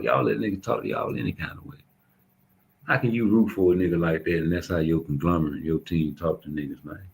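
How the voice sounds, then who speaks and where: A man's voice: on the low side, gravelly, low-quality recording. A young adult man, ranting bluntly and profanely in street slang as a commentator. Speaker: YouTube commentator. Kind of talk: casual ranting monologue.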